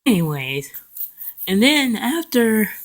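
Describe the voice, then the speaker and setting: Retelling a cartoon episode in a loose, rambling way, this young man has a high, fairly bright voice that swings widely in pitch. Fillers and self-corrections pepper his recap, and he jumps into quick voices to act out the characters' lines for a moment.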